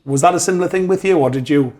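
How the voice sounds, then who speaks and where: A man hosting a podcast in casual interview chat, with frequent quick backchannels. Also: a little high, a little mellow. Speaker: podcast host.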